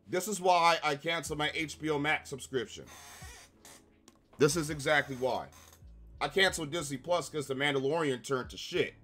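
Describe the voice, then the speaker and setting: Forceful, heated man ranting with profanity. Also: a little high, lively intonation, moderate pace, soft background music. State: slightly ill. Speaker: online show reviewer. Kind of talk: angry commentary rant.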